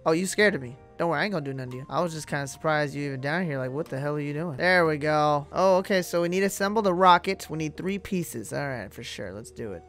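A young man giving casual, excitable gameplay commentary with slang and trash talk. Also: a little high, fast, few pauses, soft background music. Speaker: gaming YouTuber.

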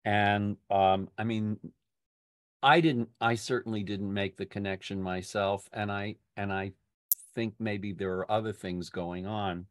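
Older man, poetry discussion leader, slow halting speech, low voice, dry close sound. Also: steady tone, no room sound. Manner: halting, many restarts and fillers. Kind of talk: casual literary discussion.

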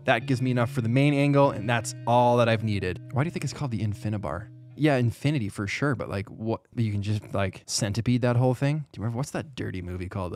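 A man giving a casual tour of his video studio gear on a boom mic, joking with animated asides. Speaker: YouTube creator.

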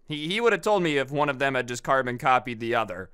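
Man, young adult, sarcastic, exasperated, smooth resonant voice, mid pitch. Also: fast, fairly bright tone, dry recording, studio quality. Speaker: storytime YouTuber. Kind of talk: casual storytime commentary.

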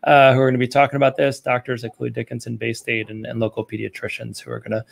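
A man with a heavily gravelly, creaky voice talks quickly and loosely at a committee meeting. His remarks ramble in a casual, conversational way over a video call. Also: mid-range voice, monotone.

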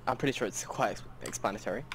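A man's voice: lowish voice, racing, fairly bright tone, a little hiss or hum. A man making dry, wry remarks to his squad while gaming. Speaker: squad teammate. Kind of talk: casual gaming banter.

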